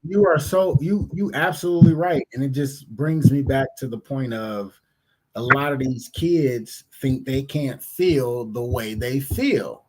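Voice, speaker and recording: A man with a mid-range voice speaks a little slowly over background noise on a remote stream mic. He's co-hosting a casual podcast, blunt and animated, packing his talk with slang and swearing.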